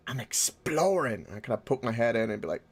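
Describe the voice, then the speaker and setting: Gravelly, lively man playing a tabletop game. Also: medium pitch, brisk. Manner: animated, laughing, narrates his character's actions. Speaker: player.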